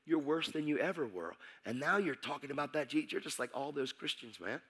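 A man voicing his laid-back young guitarist friend, soft-spoken and easygoing. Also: a little high, expressive, a little fast, slightly rough, heavily acted. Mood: scoffing.

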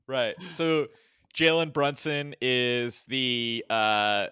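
A man co-hosting a podcast in a slow, wry, laughing way. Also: medium pitch, bright, forceful tone, smooth, no room sound, studio quality. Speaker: podcast co-host. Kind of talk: casual chat.

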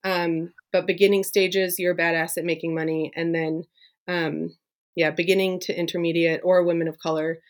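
With a lowish voice, flat delivery, and moderate pace, this woman, a business coach guesting on a podcast, chats eagerly in a relaxed interview. Fillers abound, especially "like."

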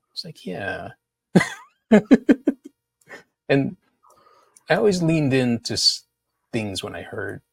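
A man's voice: mid-range voice, gravelly, husky, no room sound. A middle-aged man, an artist guest, telling laid-back stories in a casual conversation. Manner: slow, laid-back storytelling.

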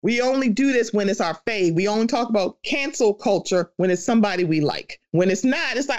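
Animated, profane podcast host. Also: medium pitch, brisk. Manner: animated, profane, acts out quoted voices. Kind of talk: casual opinion chat.

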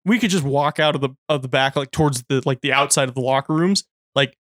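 A young man co-hosting a podcast, telling school stories in a swearing, animated way. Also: medium pitch, no room sound, studio quality. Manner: quick, animated storyteller, swears freely. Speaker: podcast co-host. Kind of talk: casual chat.

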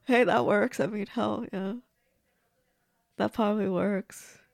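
A woman's voice: mid-range voice, fairly even intonation, slow pace, gravelly, darkish tone, dry recording, studio quality. A woman, host of a movie review show, chatting casually and exclaiming at the screen as she watches along.

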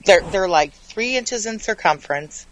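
A man's voice: high voice, lively intonation, moderate pace, a bit bright, rough recording. A man co-hosting a radio show in a studio, joking with wry, teasing remarks. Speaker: radio co-host. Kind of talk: casual radio banter.

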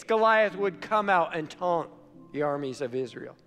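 A male pastor preaching a sermon, telling a story with animated shifts between loud and quiet. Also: fairly high pitch, normal speed, creaky. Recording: long hall reverb, faint music.

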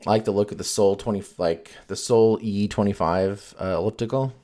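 A man's voice: on the low side, a little fast, dark tone. A man chatting casually as a podcast host, rambling and swearing freely with lots of fillers. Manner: rambling, profane, filler-heavy. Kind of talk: casual chat.

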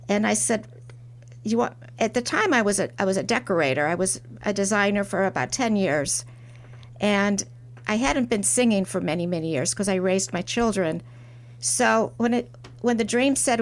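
A middle-aged woman being interviewed, telling her story in a reflective way and restarting her sentences softly. She is a porcelain artist guesting on a talk show. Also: medium pitch, animated, moderate pace. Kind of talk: interview conversation.

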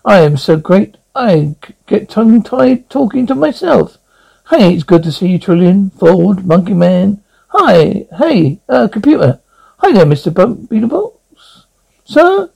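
A man's voice: high voice, lively intonation, unhurried, creaky, warm tone, slightly rough, pitched above the performer's own voice, full character voice, poor audio. A man voicing a boastful, scatterbrained male alien captain who rambles on about himself in a storybook reading. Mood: rambling.

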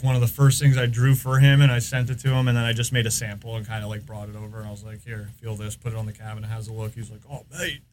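His mid-range voice sounds a little mellow, and there's slight background noise. The American man is a podcast guest spinning long, filler-heavy, rambling stories in a casual chat.

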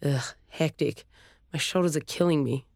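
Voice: medium pitch, normal speed, gravelly, darkish tone, dry recording, clean studio sound. A narrator voicing a sassy young woman, an athletic daughter, in a storybook reading. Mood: tired.

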